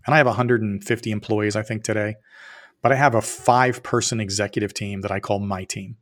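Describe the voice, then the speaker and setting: Podcast guest, man, 50s, lowish voice, animated raconteur who acts out the dialogue. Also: fast talker. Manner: animated storyteller who acts out both sides of quoted dialogue; swears casually, plain-spoken. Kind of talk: storytelling in a podcast interview.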